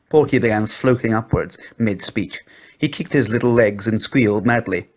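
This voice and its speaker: A man narrating a children's story in an expressive storybook reading voice. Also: lowish voice, normal speed.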